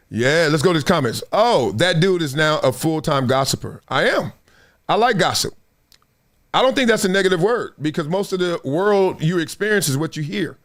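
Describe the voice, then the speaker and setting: A man's voice: a little high, a bit bright. A man hosting a casual commentary stream in a joking, slangy, teasing way. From Southern California. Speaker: show host.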